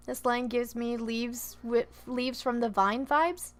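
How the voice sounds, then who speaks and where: Woman streamer, high voice, animated and emotional while playing a game. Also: takes it slowly, few pauses. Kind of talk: gameplay livestream commentary.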